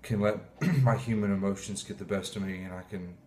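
Man, pastor, low voice, emotional sermon, faint background noise. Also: fairly even intonation, darkish tone. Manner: heartfelt, halting, clears throat often.

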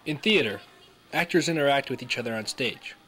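A man's voice: medium pitch, expressive, a little fast, sharp tone, soft background music. A man giving earnest scripted narration for a school documentary.

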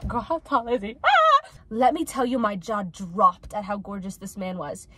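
A woman's voice: mid-range voice, moderate pace, bright, forceful tone, husky. A nineteen-year-old woman chatting casually and reading stories aloud in a dramatic, giggly way. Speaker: host.

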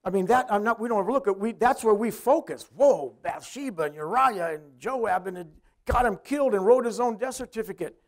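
Middle-aged pastor, high male voice, chatty preaching, questions the congregation. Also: fast. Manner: conversational preaching, asks the crowd questions. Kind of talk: sermon.

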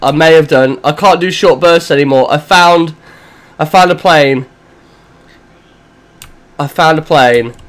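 Young guy doing let's play commentary, high voice, slow easy delivery, swears a lot. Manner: chatty, swears often, talks to himself and his teammate. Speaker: gaming channel host.

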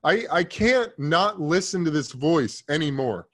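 A man in his thirties, a podcast guest, telling a story in a loose, profane way and swinging from hushed asides to loud emphasis. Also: on the high side, animated, a little slow. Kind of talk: casual interview storytelling.

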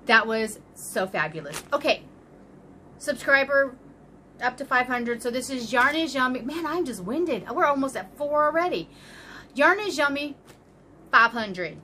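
A woman's voice: high-pitched, lively intonation, unhurried, sharp tone, a little hiss or hum. Bubbly, rambling woman in her fifties. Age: 50s. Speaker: crochet channel host. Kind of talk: casual vlog chat, unboxing.

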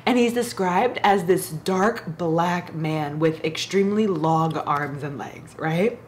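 A woman book vlogger chatting casually on her reading vlog, animated and giggly, gushing with big excited jumps. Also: fairly low pitch, slow, slight background noise.

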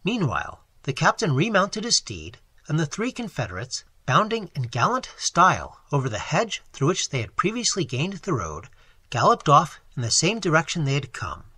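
Man reading a novel with lively, swooping pitch. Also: normal speed, husky, no room sound. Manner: expressive, animated storytelling. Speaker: audiobook narrator. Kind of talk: audiobook reading of a classic novel.

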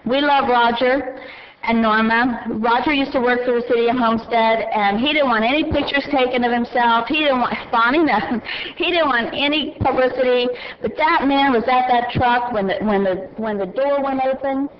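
A woman's voice: a little high, highs cut off. Chatty Southern woman handing out awards. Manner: folksy, laughing, reading names haltingly. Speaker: council member presenting awards. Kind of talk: chatty public award presentation.

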